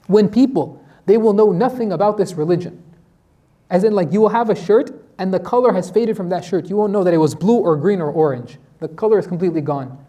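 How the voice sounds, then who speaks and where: A man leads a conversational Quran lesson, talking quickly in a fairly high, mellow voice. He moves through the story with rhetorical questions and briefly acts out what the people in it say. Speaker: imam teaching tafsir.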